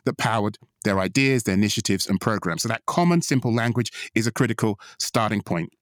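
A man's voice: fairly low pitch, brisk, dry recording, studio quality. A man co-hosting a podcast, making his case confidently and stressing key phrases by repeating them. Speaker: podcast co-host. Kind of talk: pitching ideas in conversation.

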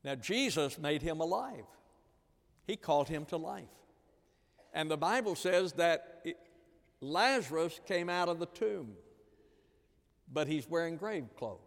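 A man preaching a sermon, earnest and repetitive, swinging from loud emphasis to hushed lines. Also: a little high, expressive, measured pace, vocal fry, pauses often. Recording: long reverb of a large hall.

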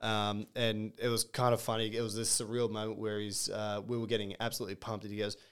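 A man's voice: on the low side, little pitch movement, fast talker, a bit bright, clean tone. Jokey podcast host, man. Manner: upbeat, jokey, playful. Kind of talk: casual podcast interview.

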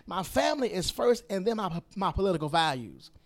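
A man delivers a podcast monologue in a fairly high, very animated voice. He hammers his points home by repeating phrases, now loud, now hushed. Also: a little fast. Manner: emphatic, repeats phrases for stress, swings between loud and hushed. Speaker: podcast host. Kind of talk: opinionated political monologue.

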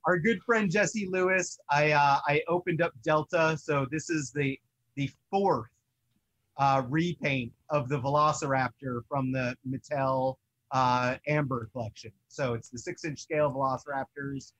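A young man co-hosting a toy collecting show, chatting in an excitable, rambling way. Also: a little high, measured pace, rough recording. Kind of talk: casual chat.

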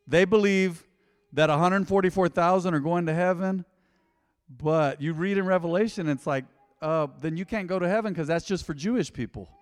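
Pastor preaching, kinda high voice, gets loud then goes quiet, church echo. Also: male voice, moderate pace, clean tone. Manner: animated preaching, swinging from loud to hushed asides. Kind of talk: sermon. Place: church hall.

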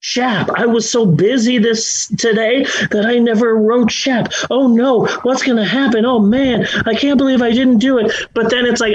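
A man's voice: very high-pitched, steady tone, normal speed, few pauses, husky, dull audio. A middle-aged man hosting a podcast, chatting casually in a rambling, self-deprecating way with many restarts. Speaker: podcast host. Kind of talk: casual chat.

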